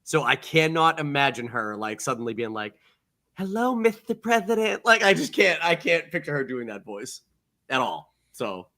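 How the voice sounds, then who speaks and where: Male co-host, bright lively voice, rambling casual chatter with lots of restarts. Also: medium pitch, moderate pace. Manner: rambling, self-interrupting, laughing chatter. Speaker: podcast co-host. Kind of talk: casual movie podcast banter. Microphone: podcast studio mic.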